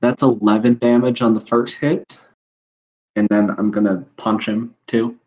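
Player, man, low-pitched, relaxed, reading rolls, dull lo-fi sound. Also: unhurried. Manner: casual, counting dice rolls aloud. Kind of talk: casual game chat. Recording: dull lo-fi audio.

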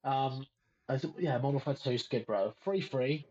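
A young man, a podcast guest, telling stories in casual chat with animated energy and laughter. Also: medium pitch, normal speed. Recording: dull, slightly noisy line.

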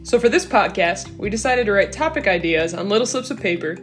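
A woman's voice: mid-range voice, expressive, a little fast, faint music behind. A woman co-hosting a podcast in easygoing, teasing casual chat. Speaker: podcast co-host.

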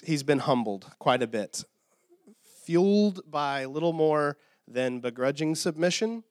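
Retelling a story during his sermon, a pastor speaks in a lively, casual manner, often asking "okay?", and seems a bit worn from too little sleep. His voice leans high, and the studio-quality recording has no echo.

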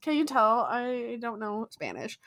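Lively and giggly, a young podcast co-host laughs often and swears freely while chatting casually. Her fairly high voice carries vocal fry, her pace is measured, and there's no echo.

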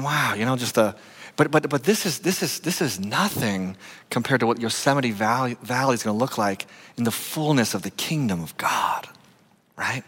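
A man pastor preaching a lively, conversational sermon full of restarts and asides. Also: mid-range voice. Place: church sanctuary. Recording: long hall reverb.

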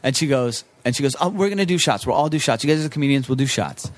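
A man telling a bar story in a casual chat, swearing a lot and acting out the people in it. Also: lively intonation. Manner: profane, fast, acts out voices with high yelps. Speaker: comedian guest telling a story.

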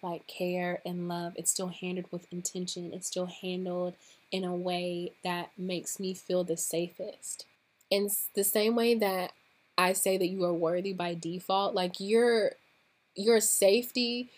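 A woman hosting a casual podcast, talking straight to her listeners in an encouraging, relaxed way, with plenty of "um"s and "like"s. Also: medium pitch. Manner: encouraging, speaks directly to listeners; relaxed, with fillers like "um" and "like". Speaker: podcast host and coach.

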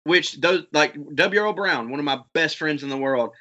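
A man's voice: on the high side, normal speed, sharp tone. A man hosting a podcast, chatting casually and telling rambling, profane stories. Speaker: podcast host. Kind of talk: casual chat. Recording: dull lo-fi sound.

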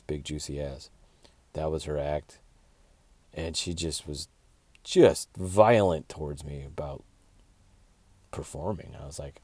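Low-voiced man telling crude stories. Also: darkish tone, dry recording. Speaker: podcast host, comedian. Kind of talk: casual storytelling monologue.

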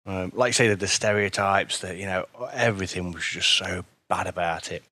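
A man's voice: sits low, fairly even intonation, fairly quick, sharp tone, dry recording. A man co-hosting a casual cartoon review chat, blunt and rambling, often repeating his words. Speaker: podcast co-host reviewing cartoons.

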